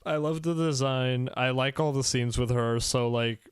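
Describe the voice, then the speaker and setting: Podcast host, male, animated and giggly, recorded dry. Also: medium pitch, normal speed, clear, resonant tone, no echo. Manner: excitable, laughs often, acts out quotes. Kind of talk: casual podcast chat.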